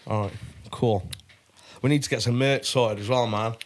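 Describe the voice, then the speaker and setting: A man co-hosting a podcast, excitable and swearing in casual chat. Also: medium pitch, normal speed. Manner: excitable, swears, says mate. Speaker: podcast co-host.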